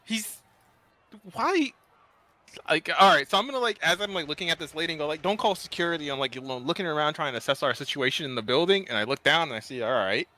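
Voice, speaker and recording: A man playing in a tabletop game, talking excitably. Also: fairly high pitch, rapid-fire, hardly any pauses. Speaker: player. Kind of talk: casual tabletop play.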